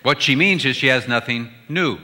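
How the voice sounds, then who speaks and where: Bright-voiced male preacher in a hall. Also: mid-range voice, lively intonation, normal speed, a little hiss or hum. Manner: humorous storytelling, voices both spouses. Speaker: guest speaker. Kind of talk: sermon. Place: large church sanctuary. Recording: hall reverb from the sanctuary.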